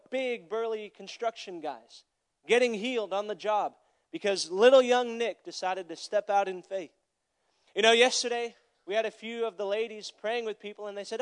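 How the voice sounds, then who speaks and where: Preaching with a high voice, this young man from Florida works as a traveling evangelist. His sermon tells a story, shifting from soft asides to booming appeals to the crowd.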